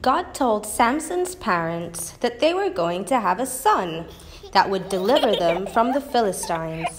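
A woman teaching a church lesson, telling a Bible story in a slow, expressive storytelling manner. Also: medium pitch, heavy background noise.

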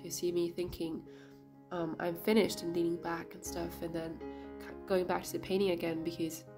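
A woman painter narrating her vlog in a casual voice-over, raspy and a bit sick, talking hesitantly with many fillers. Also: fairly low pitch. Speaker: painter vlogger.

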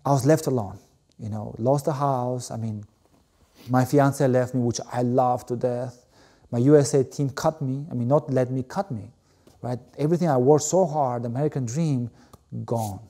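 A middle-aged man from Albania, a former Olympic volleyball player, telling his story in an interview, animated and full of fillers like "you know.". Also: mid-range voice, normal speed.

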